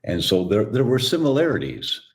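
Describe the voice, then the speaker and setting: A man telling stories as a guest in an interview, relaxed and acting out the voices of people he quotes. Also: fairly low pitch, normal speed. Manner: relaxed storyteller who acts out quoted voices. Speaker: guest, chiropractor. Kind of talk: storytelling interview answer.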